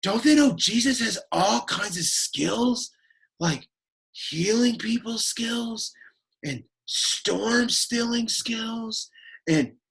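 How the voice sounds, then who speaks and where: A man doing a whiny, gravelly, exasperated teen. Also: very high voice, extremely slow, full character voice. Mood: exasperated deadpan. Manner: deadpan, whiny, easily annoyed. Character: sullen awkward teenage boy, exasperated and bored. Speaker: Latin teacher. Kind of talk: Latin lesson in character.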